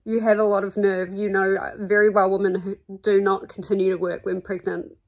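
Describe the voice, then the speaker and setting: A woman's voice: mid-range voice, little pitch movement, brisk, darkish tone, natural voice. Woman reading as a scornful male 1960s boss. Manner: scornful, scolding.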